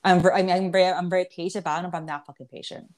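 A young woman hosts a podcast in loose, casual chat, swearing freely and tripping over her words as she talks. Her voice sits a bit low for a woman, and she often breaks into laughter. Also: fairly even intonation, very fast, darkish tone. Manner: candid, profane, laughs often, many restarts. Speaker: podcast host.

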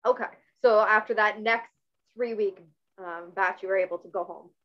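A woman's voice: medium pitch, fairly even intonation, normal speed. A woman from Canada hosts a casual interview. She talks earnestly and rambles, often restarting her sentences. Her audio sounds a little dull.

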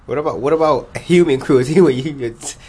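A man's voice: on the high side, fairly quick, mellow, slightly rough. Laid-back man telling rambling stories. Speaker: podcast co-host. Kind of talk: casual storytelling chat.

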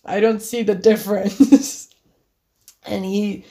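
A woman's voice: medium pitch, flat delivery, slow pace, dark tone. A young woman casually telling a personal story, laughing often and acting out what each person said. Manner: chatty, laughing often, acting out both sides of a conversation.

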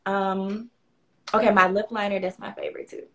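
A woman from Florida with a light Southern US accent, a guest on a casual girl-talk podcast, relaxed and giggly, talking in loose run-on phrases. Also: medium pitch, normal speed, a crowd in the background. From Florida, USA.

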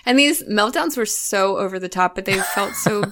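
A woman's voice: medium pitch, lively intonation, moderate pace, sharp tone. A young woman co-hosting a casual film podcast, chatty and giggly, full of "like" fillers. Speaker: podcast co-host.

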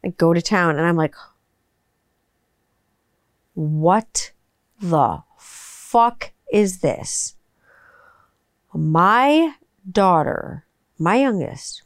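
A woman's voice: mid-range voice, darkish tone, smooth, no room sound, studio quality. A woman, chatting casually and rambling, full of "like" and the odd swear word. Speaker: vlogger. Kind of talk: casual chat.

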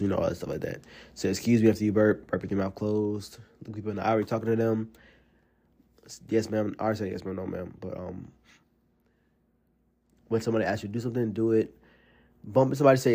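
A man with a Southern US accent from Alabama, hosting a casual solo podcast and telling rambling, animated stories full of fillers. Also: lowish voice, creaky. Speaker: podcast host.

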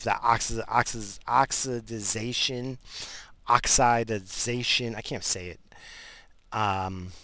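A man's voice: fairly low pitch, sharp tone, dry recording. A middle-aged man rambling and grumbling profanely in a casual radio monologue while driving. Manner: profane, grumbling, easily aggravated. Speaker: radio show host.

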